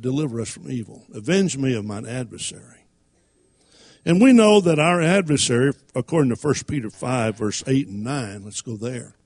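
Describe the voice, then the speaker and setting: A man's voice: mid-range voice, a little mellow. A man preaching a sermon, reading King James scripture and using folksy everyday stories.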